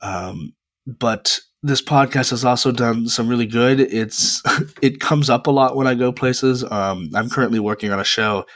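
A man in his twenties hosts his own podcast alone, talking in a chatty, rambling way with frequent pauses into a close mic. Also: mid-range voice, a bit bright, no echo. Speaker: podcast host. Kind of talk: casual solo podcast monologue.

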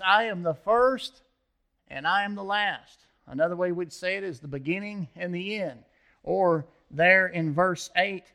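A man preaching a sermon in a slightly higher voice than most men. He teaches conversationally, then lifts his voice as he reads scripture aloud, pausing to let the listeners finish his phrases. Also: fairly bright tone. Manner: asks the congregation to fill in words. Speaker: pastor.

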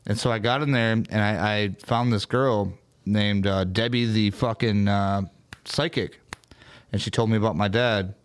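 A man hosting a casual podcast chat, telling a story in an animated, profanity-laced way. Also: on the low side, normal speed, clear, resonant tone. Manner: animated storytelling with frequent swearing. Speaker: podcast host.

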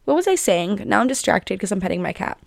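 A woman's voice: medium pitch, sing-song, fast, gravelly, dry recording, studio quality. Bubbly young woman chatting on her podcast. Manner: bubbly, chatty, many fillers and giggles. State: a little out of breath. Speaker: podcast host. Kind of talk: casual chat.

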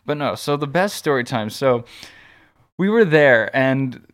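With a medium pitch, lively intonation, and a slightly bright tone, this podcast co-host unspools a lengthy tale at a somewhat slow pace. He wanders as he talks, often starting over and leaning on fillers in the casual conversation.

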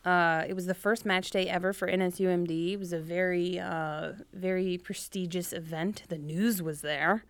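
A woman's voice: on the low side, steady tone, moderate pace, hardly any pauses, clear, resonant tone, dry recording. Chatty young woman podcast co-host. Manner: playful, chatty, lots of fillers. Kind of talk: casual chat among medical students.

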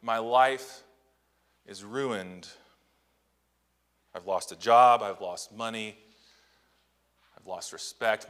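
A man preaching a sermon in a church on a Sunday morning, talking conversationally and asking rhetorical questions, slowing down to stress key phrases. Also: fairly low pitch, fairly bright tone, smooth, big-room sound. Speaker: pastor. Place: church sanctuary.

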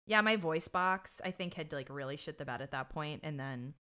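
A woman's voice: low voice, moderate pace, clean tone. A young woman co-hosting a casual podcast, giggling and acting out quotes as she tells stories. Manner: giggly, acts out quotes, animated storytelling. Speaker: podcast co-host. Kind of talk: casual chat.

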